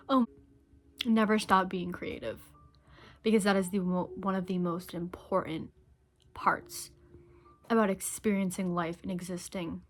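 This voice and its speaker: A woman's voice: on the low side, steady tone, unhurried, long pauses, faint music behind. A young adult woman talking straight to camera in an earnest, rambling, emotional way, swearing casually as she shares her thoughts. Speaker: vlogger. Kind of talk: heartfelt direct-to-camera monologue.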